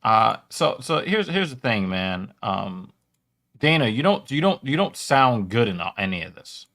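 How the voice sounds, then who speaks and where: A man's voice: medium pitch, very animated, a little slow, fairly bright tone. A man chats casually while hosting a watch party and reacting to clips. He swears freely and argues his points, often breaking into laughter. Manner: profane, laughing, argumentative.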